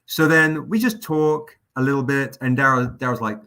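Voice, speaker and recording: A man hosting a livestream, telling an anecdote in a casual, animated, profane way. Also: mid-range voice, moderate pace. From England. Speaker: comic publisher hosting a livestream.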